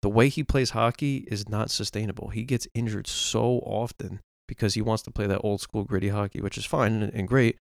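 A man's voice: lowish voice, steady tone, a little fast, creaky, hardly any pauses, no echo, studio quality. A man co-hosting a casual sports podcast, ranting with frustration and restarting his sentences. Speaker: podcast co-host.

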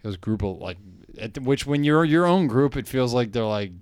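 A young man with a smooth, resonant voice tells a rambling comic story on a podcast. He acts out the people in it as he goes. The sound is dry and close, with no room around it. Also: medium pitch, animated, a little fast, darkish tone, no room sound. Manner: rambling, laughing, acts out quoted lines. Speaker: podcast co-host. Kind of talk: casual comedic storytelling.

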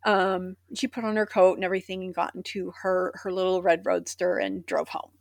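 A woman's voice: lowish voice, a little fast, gravelly, dry recording, studio quality. A young adult woman co-hosting a podcast, chatting casually and reading an old news article aloud with sarcastic asides. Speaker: podcast co-host.

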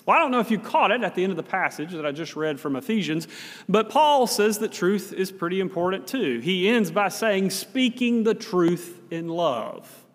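A man's voice: high voice, expressive, fairly quick. A male pastor, preaching a sermon in a folksy, conversational storytelling way. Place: church sanctuary. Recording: long reverb of a church hall.

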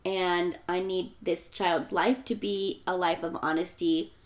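A young adult woman co-hosting a podcast, briskly retelling a film plot in casual chat. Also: fairly low pitch, fairly even intonation. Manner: quick plot retelling, laughing asides. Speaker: podcast co-host.

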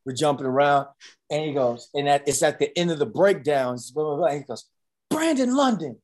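Animated male football storyteller. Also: fairly high pitch, brisk. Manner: animated storyteller, acts out quotes, many fillers. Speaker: former college football player, interview guest. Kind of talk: casual storytelling interview.

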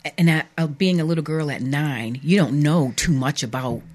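A middle-aged woman, an author guest on a radio show, giving an earnest, halting personal testimony. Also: low-pitched, a little mellow. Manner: earnest, halting, emphatic at times. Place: radio studio.

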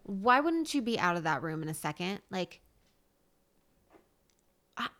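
Lively woman co-host retelling a movie. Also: mid-range voice, a little slow. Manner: animated, playful storyteller. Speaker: podcast co-host. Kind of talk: casual chat reviewing a movie.

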